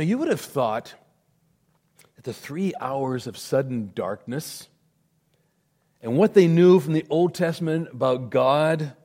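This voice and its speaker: A male pastor delivering a sermon in a slightly high voice. He leans hard on key words, then sinks into a quiet, grave hush. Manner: emphatic preaching, swells loud then drops to a hush.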